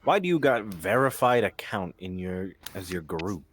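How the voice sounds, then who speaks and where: A man's voice: low voice, very animated, normal speed, heavy background noise. A man running a roleplay game session, calling out players and announcing the rules in a brash, profane, teasing way. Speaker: roleplay event organizer.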